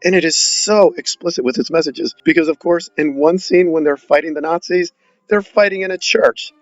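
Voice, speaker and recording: A man's voice: fairly high pitch, normal speed, no room sound, lo-fi sound, faint music behind. A man giving a sarcastic, exasperated film review, mocking the movie as he goes. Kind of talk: opinionated film review monologue.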